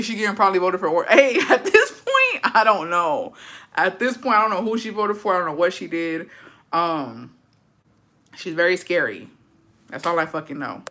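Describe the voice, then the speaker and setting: A woman's voice: lowish voice, a bit bright. A young woman hosting a casual livestream, gossiping and swearing freely while reading chat, dropping in Spanish words. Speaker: livestream host.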